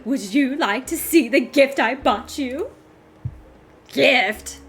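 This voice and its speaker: A woman's voice: high-pitched, slow, slight background noise. A woman voicing a weepy, overdramatic young man who clings to his friend, reading game dialogue aloud with theatrical outbursts. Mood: tearful, melodramatic. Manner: theatrical, wailing, breathless outbursts.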